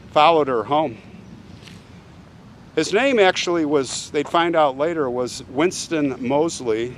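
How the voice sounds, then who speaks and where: In a mid-range voice, a man hosting a show retells a true crime case, keeping it informal and conversational. He often turns to the listener with "right?" Some slight background noise can be heard.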